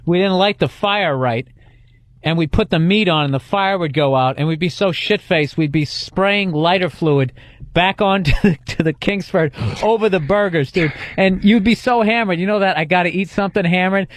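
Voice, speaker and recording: A man trading crude jokes on a podcast in a slightly high voice. He rambles and restarts his sentences, and the studio sound is close and dry. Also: normal speed, dry recording. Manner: rambling, profane, stammering restarts. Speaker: podcast co-host. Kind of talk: casual comedic banter.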